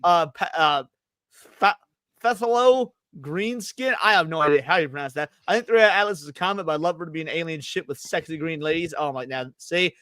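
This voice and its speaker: A man hosting a casual livestream podcast, energetic and chatty, reading out names from the chat. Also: on the high side, a little fast, clean tone, no room sound, studio quality. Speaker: podcast host.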